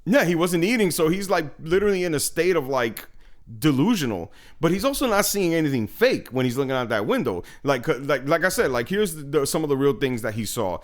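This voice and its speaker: A man's voice: a little high, very animated, fairly quick. A man from New York co-hosting a podcast, talking through a movie in a loose, rambling way with lots of fillers and casual swearing. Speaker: podcast co-host. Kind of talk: casual movie-review chat.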